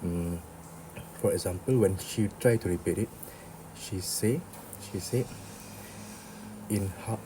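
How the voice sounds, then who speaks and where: A man's voice: sits low, takes it slowly, pauses often, noisy background. A young man giving a class presentation, hesitant and full of fillers. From Malaysia. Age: young adult. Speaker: student.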